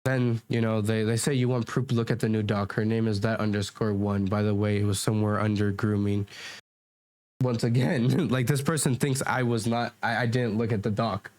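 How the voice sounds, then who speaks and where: Low-voiced man arguing over comments. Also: steady tone, normal speed, a little mellow. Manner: rambling, restarts and fillers, defensive. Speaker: commentary YouTuber. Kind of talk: argumentative commentary reacting to comments. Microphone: desk mic.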